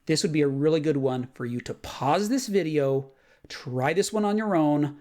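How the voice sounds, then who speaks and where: Recording a laid-back math lesson, a man reasons out loud, sprinkling in fillers and swift self-corrections. He speaks at a fairly high pitch, expressively, with a dark tone.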